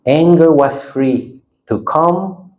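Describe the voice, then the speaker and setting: A man, a Buddhist monk, gives a retreat talk in simple non-native English, often tagging his sentences with a questioning "ne?". He is playful and animated, jumping high and loud when he gets excited, then sinking into slow, soft stillness. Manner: animated, playful, swings from lively to hushed. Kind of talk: dharma talk with audience exercises.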